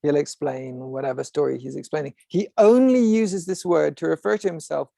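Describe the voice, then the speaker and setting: A man's voice: on the high side, normal speed, gravelly, mellow, no echo, clean studio sound. A man hosting an online discussion group who explains things in a professorial way, with frequent restarts and asides over a video call. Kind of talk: casual explanatory talk.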